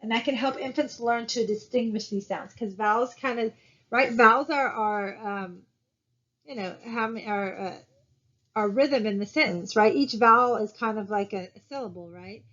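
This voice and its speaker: In a dull lo-fi recording, a woman lectures a college class casually, her voice a little high and fairly bright at a moderate pace. She leans on fillers and keeps asking "right?"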